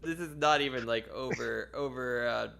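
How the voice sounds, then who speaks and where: A man's voice: mid-range voice, normal speed, gravelly, bright, forceful tone, smooth. A man co-hosting a podcast, laid-back, making wry asides. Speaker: podcast co-host. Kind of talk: casual chat.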